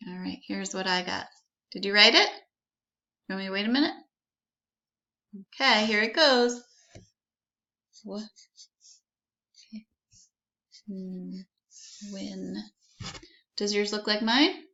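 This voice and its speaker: A woman teaching a phonics lesson to young children, slowly sounding out words letter by letter and encouraging them to repeat. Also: mid-range voice, sharp tone, lo-fi sound.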